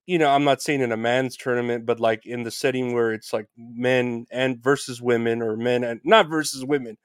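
A man's voice: medium pitch, steady tone, normal speed, clean tone, no echo, clean studio sound. A man hosting a casual interview, rambling and restarting his questions, with casual swearing. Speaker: podcast host.

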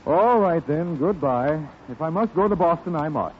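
Man doing a meek husband, mild protesting tone, slightly high voice, dull old radio sound. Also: lively intonation, normal speed, natural voice. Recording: dull, hissy 1930s radio broadcast.

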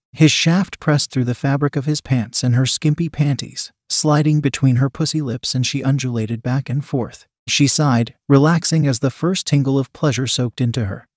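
A man's voice: mid-range voice, a little mellow, dry recording, clean studio sound. Man reading an erotic story.

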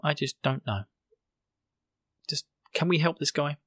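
A man's voice: fairly high pitch, a little slow, a bit bright, breathy edge, no room sound. A young British man hosting a podcast, recapping an episode in a jokey, sarcastic, rambling way. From Britain. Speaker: podcast host.

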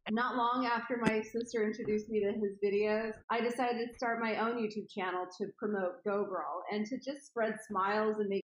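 A woman's voice: medium pitch, fairly even intonation, normal speed, hardly any pauses, breathy edge. A woman telling a story to camera in an earnest, explaining manner, played as a clip. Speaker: video creator in a clip. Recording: echoey room, dull lo-fi clip audio.

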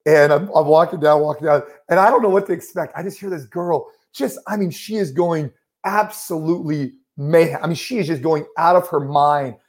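Animated man telling a story on a podcast. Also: a little high, fairly quick. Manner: animated storyteller, many fillers like "like" and "you know". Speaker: podcast co-host.

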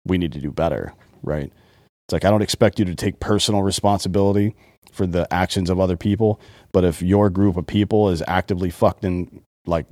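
Blunt, profane man with a deep dark voice. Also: dry recording, studio quality. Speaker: podcast co-host. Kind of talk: casual chat.

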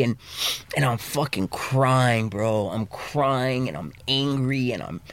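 A man speaking as a podcast guest, candidly, with plenty of swearing and restarts, dropping low and quiet at emotional moments. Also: expressive, takes it slowly, dry recording. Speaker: podcast guest, recovery coach. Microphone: studio mic.

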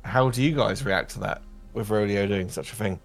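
A man's voice: on the low side, moderate pace, creaky, soft background music. A man narrating a tabletop game as game master, describing scenes to the players.

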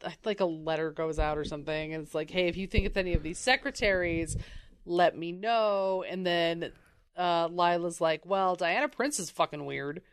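A woman co-hosting a casual chat, recapping a comic book and acting out the characters in quick put-on voices, with frequent swearing. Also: on the low side, smooth, no room sound. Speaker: podcast co-host.

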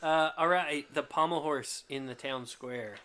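A man co-hosting a casual movie podcast, animated and often laughing. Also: on the high side, measured pace, smooth. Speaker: podcast co-host.

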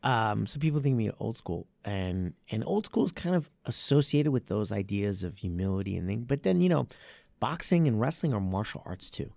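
A man with a gravelly edge to his voice, talking in a lively, up-and-down way as he explains things like a coach. The sound is dry and close, with no room in it. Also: on the low side, normal speed, dry recording. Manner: animated, with many restarts and stressed phrases. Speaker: martial arts academy owner and coach. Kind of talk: casual podcast conversation.

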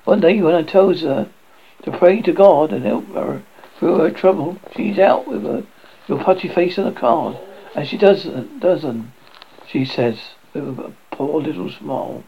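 Man putting on a grieving old servant woman, gravelly and accusing, lo-fi audio, horror story reading. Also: on the high side, measured pace, slight background noise. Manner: accusing, rustic country speech.

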